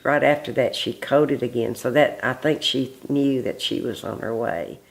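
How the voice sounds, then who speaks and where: A man's voice: mid-range voice, moderate pace, gravelly, poor audio. A man recalling events as a witness in a documentary interview, speaking in a loose, reflective way.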